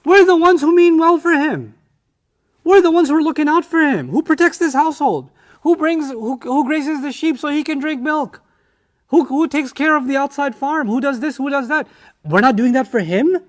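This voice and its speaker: A man's voice: very high-pitched, animated, moderate pace, darkish tone, pitched above the performer's own voice. A man voicing a group of indignant young brothers who guilt-trip their father with accusing, wounded questions.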